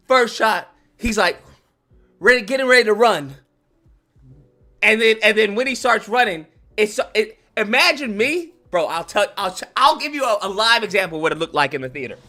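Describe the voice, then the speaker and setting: High energy dude ranting bout a movie, lots of slang, acts stuff out, really lively pitch. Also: male voice, moderate pace. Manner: animated, slangy, acts out scenes. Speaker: YouTube host. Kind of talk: comedic movie rant.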